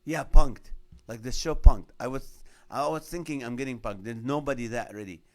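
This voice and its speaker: A man's voice: mid-range voice, normal speed. A middle-aged man, a comedian hosting his own show, telling a personal story with a faith message and acting out the voices of the people in it. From Middle Eastern background. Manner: animated storyteller acting out dialogue.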